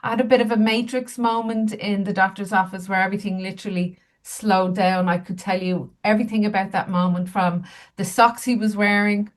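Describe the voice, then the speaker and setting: A woman's voice: mid-range voice, steady tone, a little fast. A woman, a healer and medium, telling candid, self-mocking stories as an interview guest. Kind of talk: casual interview storytelling.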